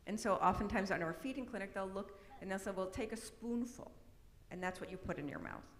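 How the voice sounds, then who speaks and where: Speaking briskly in a mid-range voice, a middle-aged woman presents on autism awareness in a church hall, chatting with listeners and frequently using tag questions. There is slight background noise, and the hall is echoey with a long reverb.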